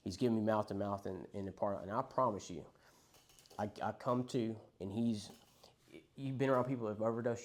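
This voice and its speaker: Young guy sharing his recovery story, lowish voice, swears a lot, just talking to the group. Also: a little fast. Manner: candid, profane, conversational storytelling. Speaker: recovery speaker.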